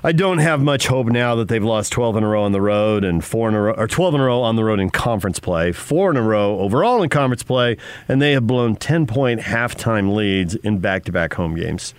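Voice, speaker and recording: A man's voice: fairly low pitch, animated, fairly quick, smooth, dry recording. A man hosting a sports radio show, wry and self-mocking in his questions. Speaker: radio host.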